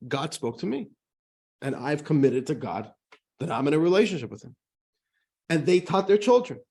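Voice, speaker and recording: Rabbi lecturer, husky and a bit high-pitched; lively, chuckling, conversational teaching. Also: male voice, moderate pace. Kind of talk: lecture with jokes.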